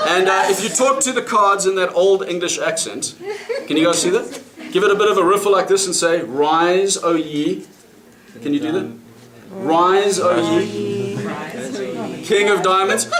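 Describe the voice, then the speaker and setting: A man's voice: a little high, reverberant. A man from South Africa with a South African accent, performing card magic in a restaurant and chatting to his audience with frequent laughs. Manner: chatty, laughing between lines, asks audience questions. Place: restaurant, indoors.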